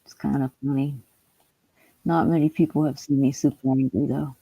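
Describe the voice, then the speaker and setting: A woman chatting casually on a livestream while she works a puzzle, talking in a subdued, low-key way. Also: fairly even intonation, normal speed, mellow, breathy edge, dry recording, lo-fi sound. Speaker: streamer.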